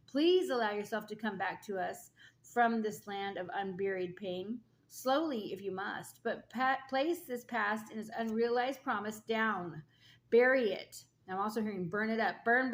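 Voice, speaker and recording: A woman with a somewhat high voice gives a spiritual oracle card reading. She moves between reading the card's message and chatty, encouraging asides aimed at the listener. She keeps checking in with a quick "okay?" or "all right?". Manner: reads card text, then adds casual asides with frequent "okay?" and "all right?"; earnest and encouraging, speaking straight to the listener.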